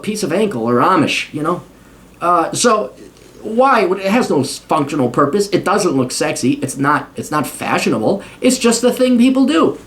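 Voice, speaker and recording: A man in his forties rants in a blunt, profane monologue. His voice sits fairly high and swings up and down, with loud opinions thrown out casually. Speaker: host.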